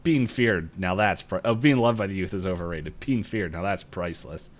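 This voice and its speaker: A man co-hosting a podcast, casually retelling a cartoon episode, laughing often and jumping up in pitch to act out lines. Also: brisk. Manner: laughs while retelling scenes, voices lines with jumps in pitch. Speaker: podcast co-host.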